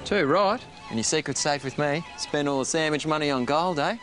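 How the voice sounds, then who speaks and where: A man's voice: a little high, moderate pace, close to an everyday voice. A man playing a laid-back Australian bloke. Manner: easygoing, drawling slang. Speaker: actor in a beer commercial. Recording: commercial with music bed.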